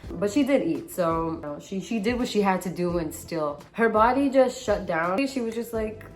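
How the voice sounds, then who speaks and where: A woman's voice: mid-range voice, normal speed. A young woman, a tattoo artist, telling stories in a casual vlog and acting out the voices of the people in them. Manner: animated storyteller, reenacts voices.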